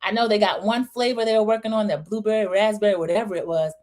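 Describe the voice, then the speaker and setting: A woman's voice: mid-range voice, fast. A middle-aged woman hosting a livestream recap, casually chatting and acting out what the cast said. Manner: animated retelling, acting out quoted lines. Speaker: host of a reality show recap livestream. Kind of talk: casual chat.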